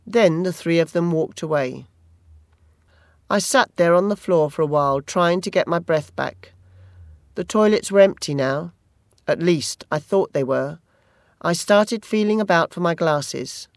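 A narrator reading a first-person story aloud at a measured, even pace. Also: mid-range voice, dry recording, clean studio sound. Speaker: audiobook narrator.

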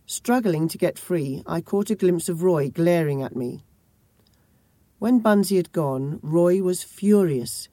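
Brief: woman audiobook narrator, measured grave delivery, mellow voice, dry close recording. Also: on the low side, no room sound. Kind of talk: first-person audiobook narration.

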